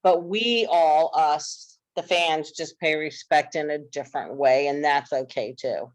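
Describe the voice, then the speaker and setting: Earnest storytelling woman, lowish voice. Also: unhurried, no room sound, poor audio. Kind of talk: casual chat.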